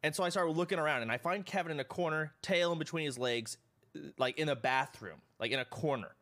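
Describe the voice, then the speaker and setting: A man's voice: on the high side, fairly quick. Man streamer rambling through a story. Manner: rambling, profane, animated storytelling. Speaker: live streamer. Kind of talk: casual storytelling to chat.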